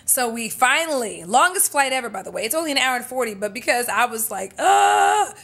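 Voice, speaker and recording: Woman, young adult, vlogger, casual storytime, animated, profane. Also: on the high side, fast talker.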